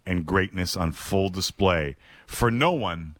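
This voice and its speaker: A man hosting a podcast, telling a story in a measured, reflective scripted narration with dramatic pauses. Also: low voice, animated, no echo. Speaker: podcast host.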